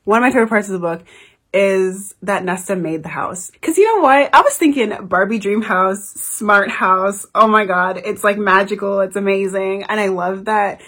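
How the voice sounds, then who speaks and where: A woman's voice: medium pitch, moderate pace, hardly any pauses, fairly bright tone, husky. A young woman talking casually about a book she loves, gushing and emotional, swearing freely. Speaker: book reviewer. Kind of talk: casual book review chat.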